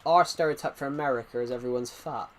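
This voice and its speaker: A man's voice: mid-range voice, fast, a little hiss or hum. A man giving casual, rambling commentary while playing a video game, chatting and drifting onto side topics. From Britain. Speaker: gaming channel host.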